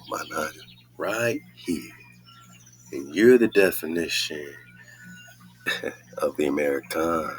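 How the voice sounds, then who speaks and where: A man's voice: a bass voice, slow pace, long pauses, a little hiss or hum. A man hosting a casual podcast, reading scripture aloud and commenting in a laid-back way with frequent laughs. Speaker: podcast host.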